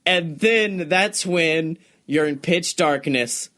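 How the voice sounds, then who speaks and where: A young man co-hosting a podcast, chatting casually, excited and swearing often, laughing as he talks. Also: fairly high pitch, slow pace. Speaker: podcast co-host. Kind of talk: casual chat.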